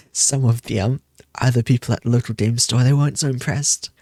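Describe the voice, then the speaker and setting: A man's voice: medium pitch, fairly even intonation, moderate pace, dark tone, no room sound, studio quality. A young man chatting casually on a stream, rambling and playful, repeating his phrases with self-mocking asides. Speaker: VTuber streamer. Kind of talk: casual debut stream chat.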